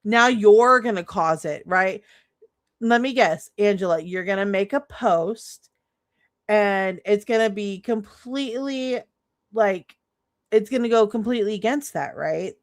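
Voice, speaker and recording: A woman's voice: mid-range voice, unhurried, dry recording, studio quality. A woman streamer reacting to clips in casual commentary, laughing, mocking and swearing freely.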